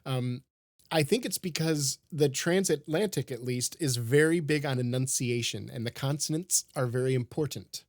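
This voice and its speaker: A man's voice: mid-range voice, normal speed, no room sound, studio quality. A man from the American Midwest, co-hosting a podcast in casual, rambling, jokey chat. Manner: rambling, jokey, self-correcting. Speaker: podcast co-host.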